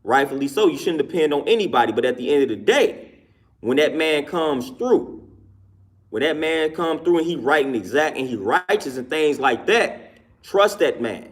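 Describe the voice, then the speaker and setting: A man with a voice pitched a little above most men, talking casually to a live chat. He answers viewers' comments and repeats each point twice for emphasis, with short laughs between his points. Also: expressive, normal speed.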